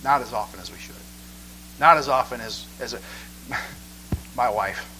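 A man preaching a sermon in church, conversational and animated, asking "okay?" again and again. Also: medium pitch, measured pace, slight background noise, rough recording.

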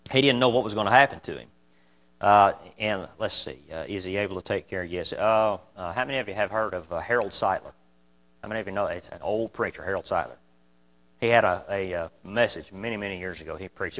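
A man preaching a sermon, impassioned and folksy, repeating key phrases and swinging from loud emphasis to quiet asides. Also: on the low side, lively intonation, brisk.

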